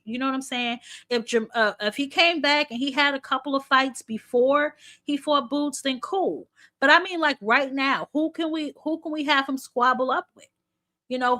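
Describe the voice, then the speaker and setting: Chatty woman with a fairly high voice. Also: bright, forceful tone. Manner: blunt, chatty, addresses viewers as y'all, swears casually. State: short of breath. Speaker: boxing commentary host. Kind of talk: casual livestream chat with viewers.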